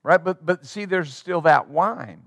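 A man's voice: on the high side, a little slow, fairly bright tone, no room sound, studio quality. A man preaching a sermon as pastor, emphatic and acting out the replies of the people he quotes.

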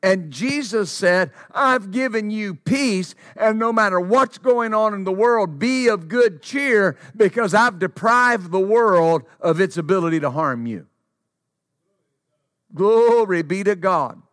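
A male preacher with a notably high, fairly bright and expressive voice delivers a sermon slowly and deliberately. He is emphatic, repeating short phrases to drive his points home. The sound is dry, without room echo.

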